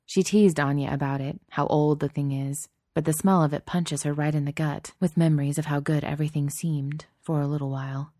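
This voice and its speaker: A woman narrating a story in a steady, soft-spoken audiobook style. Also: low voice, dry recording, studio quality.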